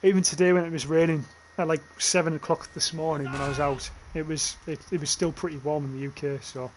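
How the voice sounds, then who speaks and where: Northern english man, young adult, casual gaming chat, swears a lot, bit of a high voice, faint noise behind. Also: fairly even intonation, fast talker. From northern England. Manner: chatty, swears freely, reads chat aloud. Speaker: livestreamer.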